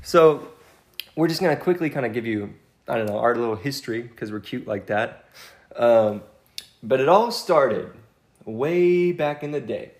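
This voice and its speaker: A playful young man chats and teases on a casual podcast. His voice sits at an ordinary male pitch but swings up and down a lot as he talks. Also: expressive, a little slow. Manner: playful, teasing banter. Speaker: podcast co-host. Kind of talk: casual chat.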